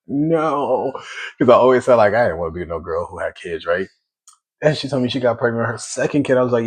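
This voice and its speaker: Casual storytelling from a man with a very low voice. he talks in a loose, conversational way and keeps restarting his sentences. slow, reflective pauses run through it, like he's thinking out loud as he goes. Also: expressive, slightly rough. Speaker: single dad sharing his testimony.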